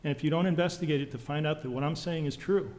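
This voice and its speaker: A man's voice: fairly high pitch, fast talker, darkish tone. A man testifying at a legislative hearing, intense and accusatory, firing off medical jargon. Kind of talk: public testimony. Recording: long hall reverb.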